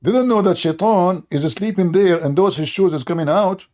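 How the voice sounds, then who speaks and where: An online religion critic delivers a sarcastic, mocking monologue in broken, non-native English, laughing at his own points. His voice sits high and a little mellow, and he speaks fairly quickly.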